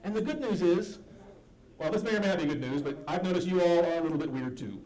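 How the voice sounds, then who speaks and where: A man's voice: high voice, expressive, fast talker, darkish tone. A man performing comedy gospel magic for kids, talking in a silly, playful, self-mocking way. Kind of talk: live stage comedy talk for kids. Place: church hall stage. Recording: echoey hall with music behind.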